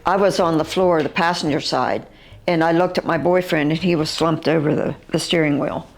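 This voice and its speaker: An older woman with a West Virginian accent, recounting her own encounter as an eyewitness in a halting, vivid way, with fillers and restarts. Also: low voice, steady tone, creaky.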